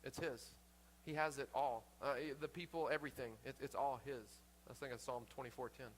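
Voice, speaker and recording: A man's voice: mid-range voice, steady tone, fairly quick, a little hiss or hum. A man pastor preaching a sermon in an earnest way, often repeating himself and restarting his sentences.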